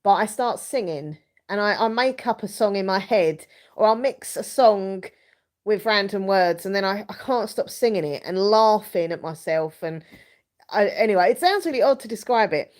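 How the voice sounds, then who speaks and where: A young woman chats to her viewers on a live stream from home. She rambles from story to story, giggles at herself and answers comments as they come in, all at an everyday middle pitch. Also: animated, normal speed, a little mellow. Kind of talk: casual live chat, reading comments.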